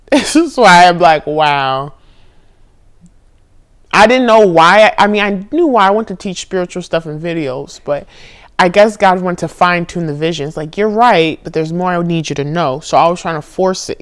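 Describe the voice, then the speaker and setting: A young woman recording a confessional vlog on her phone, candid and profane, drifting from low murmurs to loud outbursts. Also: moderate pace. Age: young adult. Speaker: spiritual vlogger. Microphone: phone camera.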